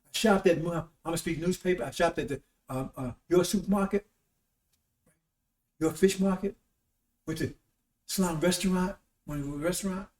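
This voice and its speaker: A man's voice: high-pitched, moderate pace, pauses often, a little mellow. A man giving a rambling, informal sermon on a broadcast, often checking in with his listeners with "See?" and "Right?". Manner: rambling, with frequent "See?" and "Right?" tag questions. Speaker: preacher hosting a broadcast. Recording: roomy echo, distant from mic.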